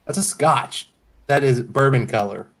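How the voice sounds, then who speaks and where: Speaking a little slowly in a mid-range voice, a man hosts a casual livestream reviewing whiskey. His commentary rambles, hedges and doubles back with frequent self-corrections.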